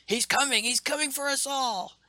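A man voicing a frantic male android hero who shouts warnings in a high, strained voice while reading a comic aloud. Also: normal speed, no echo, clean studio sound, heavily acted. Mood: frantic, shouting.

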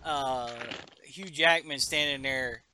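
A man casually recapping a comic book on a podcast, animated and jumping into character lines. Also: mid-range voice, slow, noisy background. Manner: animated, acts out character lines in raised voices. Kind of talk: casual chat.

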